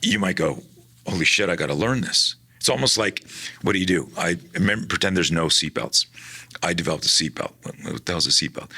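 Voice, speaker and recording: A man talking casually in an interview about his work teaching personal defense, animated, acting out the people in his stories with many restarts. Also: very deep voice, husky. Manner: animated, acts out quoted dialogue, frequent restarts. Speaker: guest, personal defense instructor.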